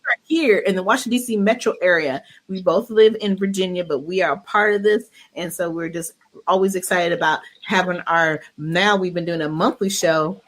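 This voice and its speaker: A woman's voice: fairly low pitch, normal speed. A woman co-hosting a casual podcast, upbeat and talkative, with many fillers and restarts. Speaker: podcast co-host.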